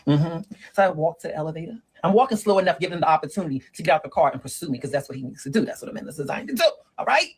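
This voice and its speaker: A performer doing Big Deborah, a sassy husky woman. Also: mid-range voice, expressive, rapid-fire, hardly any pauses, low-quality recording. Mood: sassy lecturing. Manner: preachy, sassy, calls listener girl and honey. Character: sassy middle-aged woman giving dating advice. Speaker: relationship advice monologue. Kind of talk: comedic character monologue.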